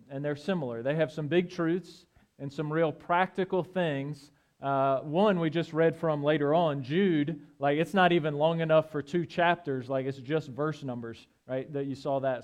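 A man preaching a sermon in a relaxed, conversational way, often checking in with the congregation. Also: fairly high pitch. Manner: conversational, asks "right?" often. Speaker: pastor.

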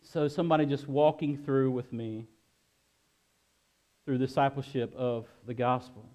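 A middle-aged man preaching a sermon, sharing a personal testimony in an earnest way, often halting and repeating himself. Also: mid-range voice, steady tone, mellow. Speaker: pastor.

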